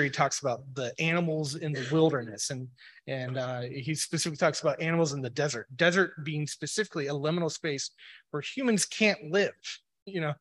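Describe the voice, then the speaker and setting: A man's voice: on the high side, a bit bright. A man giving a casual, rambling explanatory talk on religion, full of "you know" and "like" fillers. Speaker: speaker on a religious podcast.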